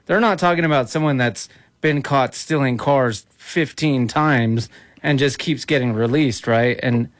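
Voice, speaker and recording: Man, interview host, casual and agreeable, medium pitch, dry close sound. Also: unhurried, no room sound. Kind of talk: conversational interview.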